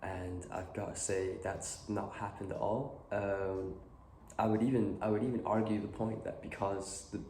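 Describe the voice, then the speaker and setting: A man with a cold, talking casually and haltingly with lots of fillers. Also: lowish voice. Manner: halting, filler-heavy, relaxed. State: has a cold, clearing his throat. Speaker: guitar vlogger. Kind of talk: casual chat. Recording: echoey room with faint noise.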